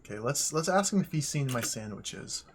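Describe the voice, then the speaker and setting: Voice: mid-range voice, big pitch swings, moderate pace, noisy background. A streamer giving casual let's-play commentary, reading the on-screen game text aloud with wry asides and frequent chuckles. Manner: chuckles often.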